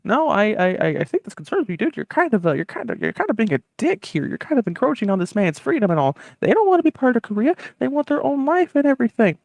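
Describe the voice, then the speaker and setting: A podcaster voicing America as a whiny, panicked man, squeaky and stammering, for a comedy history bit. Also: big pitch swings, fast, creaky, hardly any pauses, darkish tone, no room sound. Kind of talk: comedic podcast role-play.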